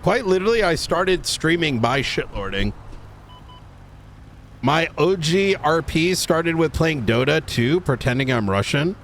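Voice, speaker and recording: Slow-talking, rambling male streamer. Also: a little high, animated, a bit bright, slight background noise. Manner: rambling, restarts and profanity. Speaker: live streamer. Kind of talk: casual stream chat.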